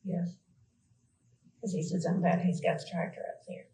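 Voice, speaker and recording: A woman's voice: on the low side, steady tone, fairly quick, reverberant, crowd noise, rough recording. A woman with a Southern US accent, answering questions in a police interview, rambling and hesitant with many fillers.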